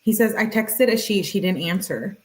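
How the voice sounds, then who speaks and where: A woman's voice: mid-range voice, normal speed, poor audio. Chatty woman reading text messages aloud. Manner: chatty and playful, laughs often, reads messages with lively emphasis. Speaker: true crime commentary host.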